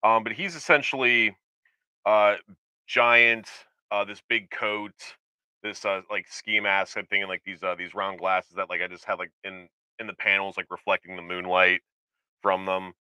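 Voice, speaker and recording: A man's voice: sits low, flat delivery, normal speed, bright, forceful tone, clean tone, no echo, rough recording. A man co-hosting a casual chat show, rambling and hesitant with lots of fillers and restarts. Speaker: podcast co-host.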